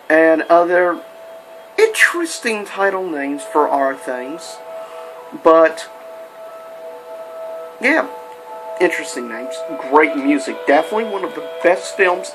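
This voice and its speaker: A man's voice: fairly high pitch, low-quality recording. A man giving a casual, rambling movie review, with lots of fillers and restarts.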